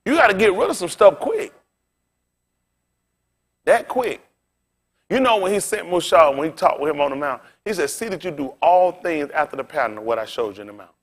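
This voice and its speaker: A male pastor with a slightly higher voice preaches in a loose, conversational way. His pitch and volume climb and drop sharply. He keeps turning to the congregation with direct asides. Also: sing-song, fairly quick, pauses often. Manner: casual preaching with big swings in pitch and loudness. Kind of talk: sermon.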